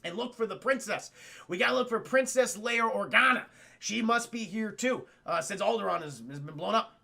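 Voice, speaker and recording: A calm, blunt old mentor wizard who coaches his companions and swears casually, as a man plays him. His voice is gravelly and bright. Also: sits high, normal speed, heavily acted.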